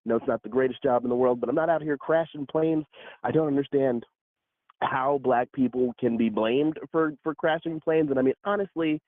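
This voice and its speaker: A man's voice: mid-range voice, moderate pace, no room sound. Earnest man on a tinny phone line. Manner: earnest, talks things through with many "right?". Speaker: guest. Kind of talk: casual political chat.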